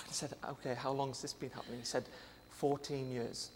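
A young man, a church intern, telling a personal testimony earnestly, with many pauses and fillers. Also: medium pitch, level tone, a bit bright, in a large hall, a little hiss or hum.

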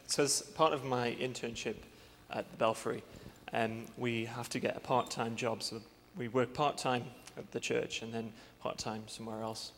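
A young man, a church intern, telling a personal testimony earnestly, with many pauses and fillers. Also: mid-range voice, little pitch movement, vocal fry, fairly bright tone, big-room sound, a little hiss or hum.

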